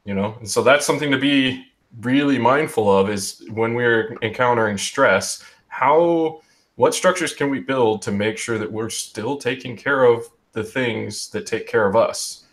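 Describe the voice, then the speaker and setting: Young male host, video-call chat, reflective, meandering, mid-pitched. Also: unhurried. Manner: reflective, talks in restarts with um and you know. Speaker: host of an online group chat. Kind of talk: casual discussion.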